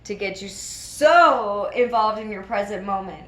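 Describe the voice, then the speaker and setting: A woman, a regular host of a spiritual video series, telling a personal story in casual, animated talk and acting out the voices of the people in it. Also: medium pitch, unhurried, hardly any pauses. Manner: animated, laughing often, acts out quoted voices.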